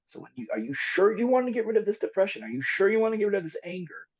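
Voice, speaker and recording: A man, a psychologist guest on a podcast, explaining therapy with animated, storytelling delivery. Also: high voice, very fast, slightly rough. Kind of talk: podcast interview. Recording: dull lo-fi recording.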